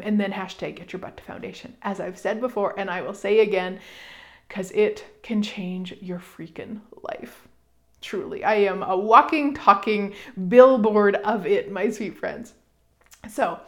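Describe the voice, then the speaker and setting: A middle-aged woman hosting a casual self-help talk, chatty and animated, with fillers and emphatic asides. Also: mid-range voice. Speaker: podcast host.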